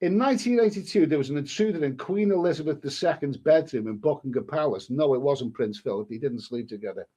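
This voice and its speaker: A man's voice: a little high, fast, few pauses, dark tone, breathy edge. A man hosting a live stream, reading a story aloud in a casual way and breaking off to answer the chat.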